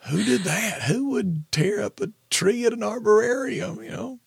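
A man co-hosting a podcast in casual chat, telling family stories and jumping high in pitch when he quotes himself. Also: moderate pace, vocal fry, breathy edge, dry recording. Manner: animated storyteller, jumps high when quoting himself. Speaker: podcast co-host, pastor.

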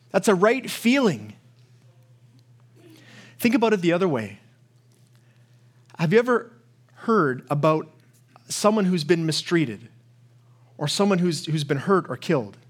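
A male pastor preaching a sermon, telling stories with rising passion and often repeating words as he builds. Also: fairly high pitch. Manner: impassioned storytelling, repeats words when worked up.

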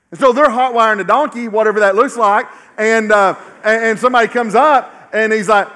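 High-voiced pastor preaching emphatically. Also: male voice, brisk, few pauses. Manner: emphatic, repetitive, often dropping to a low quiet finish. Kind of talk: sermon. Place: church.

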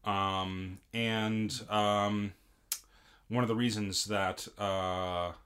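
A man's voice: lowish voice, fairly even intonation, extremely slow, fairly bright tone, clean tone. A man in casual chat recapping an anime episode, rambling with many fillers and restarts. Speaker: podcast co-host.

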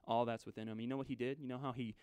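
A man preaching a sermon in a conversational way, swinging from loud, urgent lines to hushed ones. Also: mid-range voice, flat delivery, rapid-fire, clear, resonant tone, no echo.

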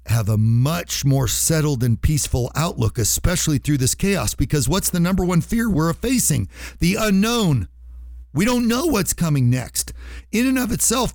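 A man's voice: a little high, darkish tone, dry recording, clean studio sound. A man hosting a radio show, talking to listeners in an earnest, emphatic way and repeating his points for stress. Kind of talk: heartfelt motivational radio talk.

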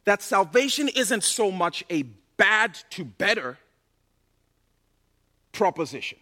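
A man preaching a sermon as pastor, impassioned and building to loud, emphatic bursts. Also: high voice, very animated, slow pace.

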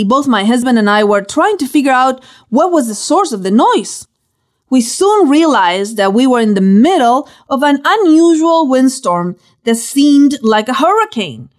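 A woman reading her own devotional book aloud, telling stories with dramatic, preacherly emphasis. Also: high-pitched.

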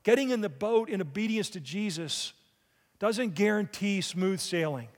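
A man with a high voice delivers a sermon as a pastor, putting questions to his listeners. His voice carries a long reverb, as in a large church hall. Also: lively intonation, moderate pace. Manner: preaching with rhetorical questions to the congregation.

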